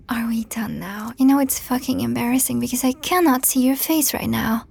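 A young woman performs an audio role-play directed at the listener, sarcastic and full of profanity, often slipping into a breathy whisper. Her voice is on the high side with a darkish tone.

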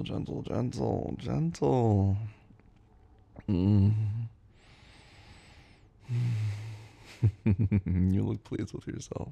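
Gravelly, husky man in intimate role-play. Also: dull audio. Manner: low murmuring, teasing, often breathy and moaning; drifts into soft whispers. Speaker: audio role-play performer.

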